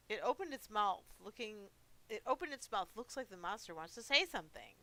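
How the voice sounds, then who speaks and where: A woman's voice: mid-range voice, normal speed, sharp tone, dry recording. A woman streaming a horror game, reading its story dramatically and breaking off for cheeky, giggly commentary. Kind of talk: reading game story aloud with playful asides.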